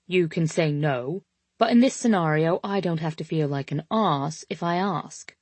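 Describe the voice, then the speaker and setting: A woman's voice: sits low, normal speed, darkish tone, dry recording. Woman voicing a teasing British young man. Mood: tender.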